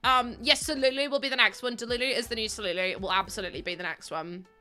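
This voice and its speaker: Very bright, giggly woman streamer. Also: on the high side, fairly even intonation, fast talker, faint music behind. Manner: chatty, giggly, self-mocking. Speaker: livestreamer. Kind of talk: casual chat with viewers while playing a game.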